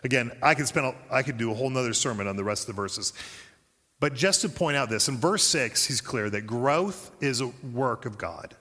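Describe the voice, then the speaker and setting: Male pastor mid-sermon, animated, acts out quotes, long hall reverb. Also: medium pitch, brisk.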